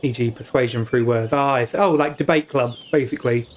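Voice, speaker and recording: A man's voice: mid-range voice, brisk, slight background noise. A young man from the UK streaming a story game, reading its text aloud and stumbling over hard words with joking asides. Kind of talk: casual let's-play commentary, reading game text aloud.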